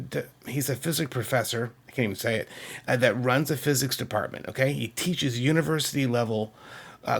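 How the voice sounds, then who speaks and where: A man from Massachusetts shows off his CD collection on video, rambling with enthusiasm and a touch of self-deprecation in a casual chat. His voice sits in the mid-range and sounds gravelly and slightly bright.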